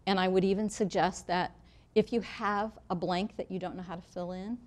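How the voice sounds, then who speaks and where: A woman's voice: medium pitch, steady tone, moderate pace. A middle-aged woman leading a women's Bible study in a church room, talking to the group in a direct, reassuring way. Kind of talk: teaching talk to a live group.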